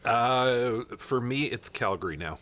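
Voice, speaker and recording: A man's voice: mid-range voice, expressive, a little slow, a bit bright. A man co-hosting a podcast, dry and wisecracking in casual banter. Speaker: podcast co-host.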